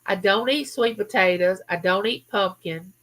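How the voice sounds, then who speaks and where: A woman's voice: mid-range voice, normal speed. A woman hosting a casual live chat, chatting with viewers and reading out their comments. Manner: chatty, animated, talks straight to viewers. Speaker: livestream host.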